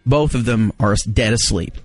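A man in his forties telling a story in casual chat, acting out the quotes with big jumps in pitch. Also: moderate pace, husky, dry recording, faint music behind.

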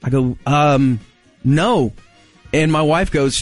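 Male host in his forties, animated storyteller who acts out the voices. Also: slow pace, soft background music. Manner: animated, acts out quotes with big pitch jumps. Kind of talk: casual storytelling chat.

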